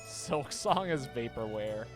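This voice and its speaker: A man talks loosely while he streams a game, repeating himself as he hunts for words and laughing easily. Game music plays clearly behind his voice, which sits at an average pitch. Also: lively intonation, takes it slowly. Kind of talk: casual gaming stream chat.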